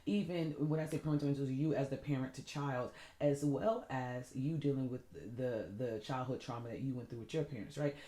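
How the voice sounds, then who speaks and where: Warm-voiced woman giving a motivational talk. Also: rumbling low, a little fast, hardly any pauses. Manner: earnest, keeps asking "right?". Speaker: self-love and fitness coach. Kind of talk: motivational self-help talk. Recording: echoey room.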